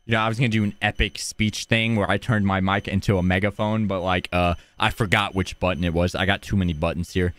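A young man streaming a horror game, excitable, shouting and chatting to his viewers. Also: low voice, fairly quick, dry recording. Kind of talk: gaming let's play.

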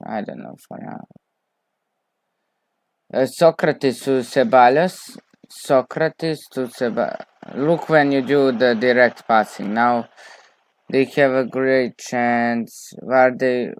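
A man talks through a football management game he is playing. He drawls along slowly, then breaks into excited shouts of player names at big chances. His voice sits dry and close to the mic. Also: mid-range voice, clean tone, no room sound. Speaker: gaming video creator.

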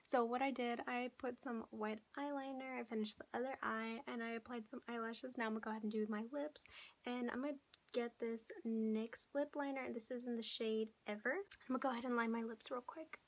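Hoarse young woman chatting through a tutorial. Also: on the high side, fairly even intonation, a little fast, poor audio. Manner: chatty, drifts into soft half-whispered asides. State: hoarse, losing her voice. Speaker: beauty vlogger. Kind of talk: casual makeup tutorial chat.

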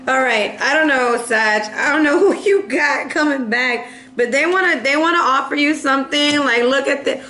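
High-voiced playful woman reading tarot. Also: moderate pace, few pauses, pushed and bright, reverberant. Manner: playful, laughing, acts out little voices. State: coughing now and then. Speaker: tarot reader.

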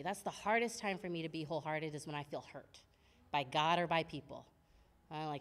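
A young adult woman giving a personal testimony at a women's church service, telling stories with animated voices and frequent laughs. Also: low voice, a little fast, long reverb tail. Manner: animated storytelling, acts out her own past words, laughs often. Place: church hall.

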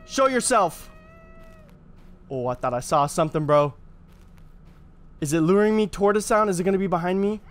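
A young man casually commenting on a horror game, excitable and slangy, talking straight to his viewers. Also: sits high, normal speed, long pauses. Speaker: gaming YouTuber.

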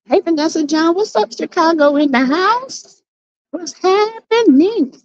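A woman's voice: very high-pitched, lively intonation, no room sound, dull audio. A woman with a Southern US accent hosting a casual livestream, greeting viewers by name in a sassy way. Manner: sassy, greets chat by name, drawn-out exclamations. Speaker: livestream host.

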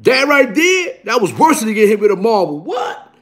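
New guy with a pretty high voice, tells a wild story, swears a lot, keeps saying you heard. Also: fairly quick. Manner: animated, repeats "you heard?", bursts into shouting. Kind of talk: casual profane storytelling.

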